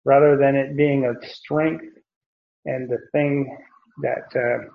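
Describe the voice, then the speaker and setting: A man's voice: mid-range voice, flat delivery, takes it slowly, creaky. A man teaching verse by verse through a Bible passage in a conversational, explanatory way, often repeating phrases. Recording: dull lo-fi recording.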